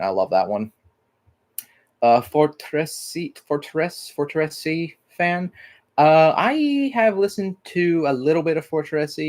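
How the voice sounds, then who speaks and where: A man from Mississippi hosts a casual livestream at an ordinary middle pitch. He rambles loosely, stacking "like" fillers and dropping the odd swear word as he chats. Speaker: livestream host.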